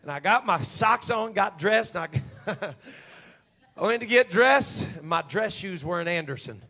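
High, bright-voiced preacher in his forties. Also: unhurried. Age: 40s. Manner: animated, humorous, folksy. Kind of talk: storytelling sermon.

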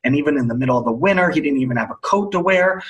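A man, a team storytelling coach, telling a lively anecdote as a guest in a webcast interview, acting out the dialogue as he goes. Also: on the high side, rapid-fire, poor audio. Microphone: video call.

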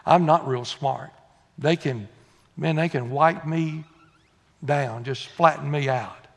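Gravelly preacher in a reverberant church. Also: male voice, slow. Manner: folksy, swings from low confiding asides to loud exhortation. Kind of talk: sermon. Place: church sanctuary. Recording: long church-hall reverb.

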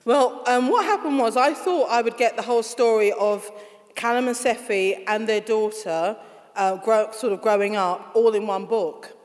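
Animated woman author telling stories. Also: on the high side, normal speed, in a large hall. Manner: animated, laughing, acts out quoted voices. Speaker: author being interviewed. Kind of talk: casual interview storytelling.

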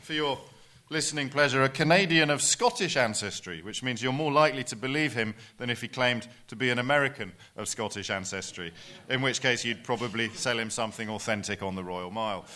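Male host, bright forceful voice, wry and brisk. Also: mid-range voice. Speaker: podcast host. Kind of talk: panel chat and introductions. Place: festival stage before a live audience.

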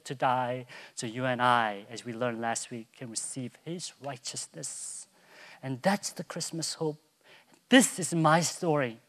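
His sermon ranges from whispered-soft storytelling to thunderous, soaring proclamation, and this male pastor also acts out a child calling in a high voice.

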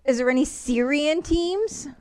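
A woman's voice: sits high, unhurried, darkish tone. A woman co-hosting a casual chat, giggly and rambling. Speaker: podcast co-host.

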